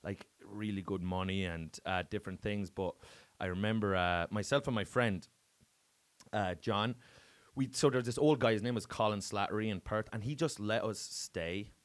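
A man's voice: fairly low pitch, normal speed. A man with an Irish accent, a comedian chatting casually as a guest and telling stories, swearing freely with bursts of emphasis. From Ireland. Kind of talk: casual chat.

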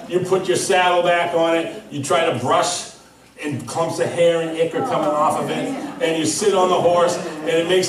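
A male pastor preaching a sermon, telling a story with lively, laughing delivery. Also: fairly high pitch. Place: church. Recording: echoey hall from far off.

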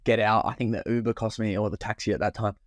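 A man's voice: fairly low pitch, fairly even intonation, quick pace, dry recording. A young man co-hosting a podcast, telling a rowdy night-out story with swearing and acted-out dialogue. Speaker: podcast co-host. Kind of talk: casual storytelling chat.

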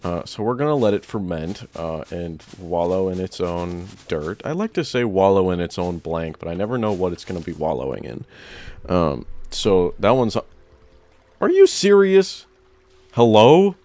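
A young man giving excited let's-play commentary, often jumping into loud, high-pitched outbursts. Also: moderate pace. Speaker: gaming YouTuber.

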